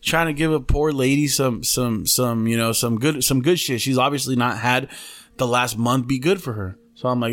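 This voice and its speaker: A man's voice: medium pitch, moderate pace, fairly bright tone. Profane, slangy man telling a story. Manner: profane, slangy, keeps saying "bro". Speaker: podcast host. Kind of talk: casual podcast storytelling.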